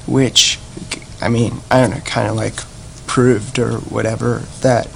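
A man's voice: medium pitch, flat delivery, measured pace, gravelly, slight background noise. A man playing a naive, earnest churchgoing young man who rambles defensively in a comedic fan sketch.

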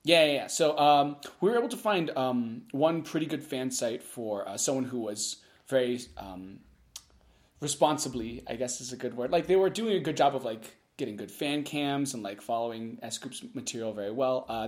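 Very low-voiced woman podcast co-host. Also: expressive, darkish tone. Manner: halting, filler-heavy, laughs often. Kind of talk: casual podcast chat.

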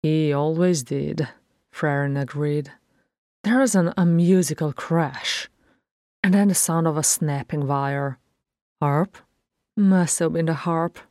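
A woman reading fan fiction aloud, narrating in a steady, measured way. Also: low-pitched, dry recording, clean studio sound. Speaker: reader.

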